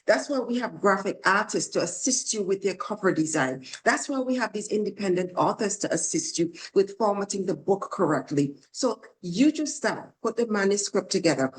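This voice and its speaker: A woman from Antigua with an Antiguan accent, a life coach answering interview questions in a confident, measured way. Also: mid-range voice, lively intonation, rough recording. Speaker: guest, life coach and speaker.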